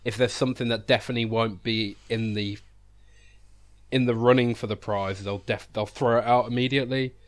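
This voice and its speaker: A British-accented man co-hosts a casual podcast chat, rambling and teasing while he eats. His voice is mid-range and brisk with fairly even intonation.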